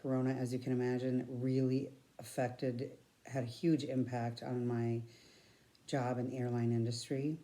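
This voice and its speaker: A woman's voice: a bass voice, level tone, normal speed, mellow. A woman giving a personal faith testimony in an earnest, reflective, conversational way. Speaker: church member giving a testimony.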